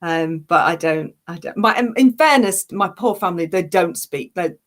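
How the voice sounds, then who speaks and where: A woman's voice: lowish voice, lively intonation, normal speed. An English actress with a fairly neutral, near-London accent, chatting casually in an interview, laughing often and restarting her sentences. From Yorkshire, England. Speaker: actress and online parody creator.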